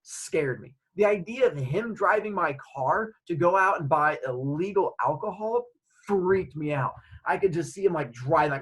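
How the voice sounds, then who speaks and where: A middle-aged man, a podcast host, telling a story in a chatty, animated way. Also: fairly high pitch, moderate pace, slightly rough, low-quality recording. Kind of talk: casual storytelling.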